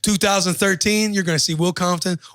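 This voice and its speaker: A young man with a bright, slightly high voice tells an animated, profane story at a rapid clip. He slips into other people's voices as he goes. The sound is close and dry, with no room around it. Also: clean tone, no echo. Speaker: podcast guest, football player. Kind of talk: casual storytelling chat.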